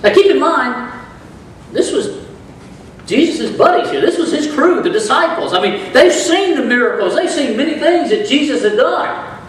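A pastor with a very high-pitched, expressive and slightly bright voice preaches at a moderate pace in a church sanctuary. He rises into bursts of emphasis and calls on the congregation to answer back. The recording is echoey and distant, with slight background noise.

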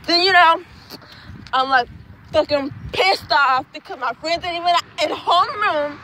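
A woman's voice: extremely high pitch, moderate pace, sharp tone, slight background noise. A young woman telling a rambling, profane storytime vlog outdoors at dusk, tagging her phrases with "okay?". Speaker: student vlogger.

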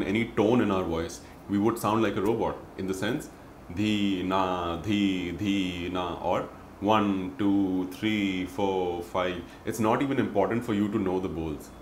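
A man teaching a music lesson, breaking off to chant syllables and counts in a steady rhythm. His voice sits fairly low. The room gives it a noticeable echo, with faint noise behind. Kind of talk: spoken music lesson with recitation.

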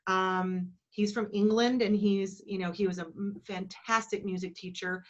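A woman in her forties from Colorado, telling stories in a heartfelt, halting way and getting teary. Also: mid-range voice, steady tone, highs cut off. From Colorado, USA. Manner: emotional, heartfelt, halting with restarts. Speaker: entertainment company owner. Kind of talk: reflective storytelling in a virtual talk. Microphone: video call.

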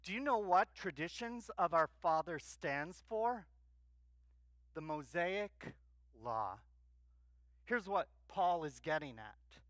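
A man's voice: high voice, animated, slow, pauses often, a bit bright, no echo. A male pastor preaching a sermon in a church, emphatic, asking the congregation questions and answering them himself.

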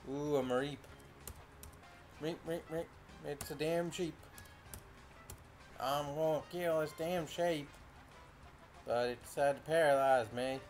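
A man's voice: fairly high pitch, a little slow, long pauses, faint music behind. A young man casually commenting on his own gameplay, reacting aloud and swearing often. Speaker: gaming video host. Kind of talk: casual let's-play commentary.

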